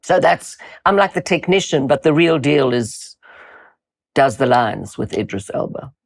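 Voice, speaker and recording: A woman's voice: rumbling low, lively intonation, measured pace, creaky. A South African woman with a South African accent, an actress and dialect coach. In interview conversation she acts out sounds and pronunciations as she talks.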